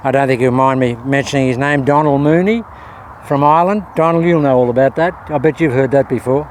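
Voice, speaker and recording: A man's voice: medium pitch, a little fast. A man talking to camera at an outdoor golf practice area, chatting casually and coaching himself between shots. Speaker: golf vlogger. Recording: faint outdoor noise.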